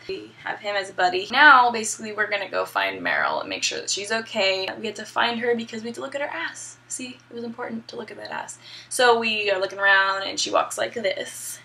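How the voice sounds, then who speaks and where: Brief: young woman vlogger, irreverent and profane, gravelly fry in the voice. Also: medium pitch, sharp tone. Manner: irreverent, profane, laughing asides. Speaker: gaming vlogger. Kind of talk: casual story recap.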